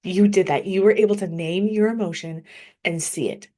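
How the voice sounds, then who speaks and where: A woman's voice: mid-range voice, steady tone, moderate pace, warm tone. A woman in her thirties speaks as a grief coach in an everyday mid-range voice. Her talk is casual and earnest, full of fillers and restarts, and she keeps encouraging the listener. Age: 30s.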